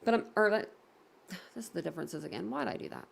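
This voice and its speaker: Woman rambling on a livestream, lots of likes and ums, a bit gravelly. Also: fairly low pitch, wildly swooping pitch, fast. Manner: rambling, many fillers, reads comments aloud. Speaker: livestream host reading chat. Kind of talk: casual livestream chat.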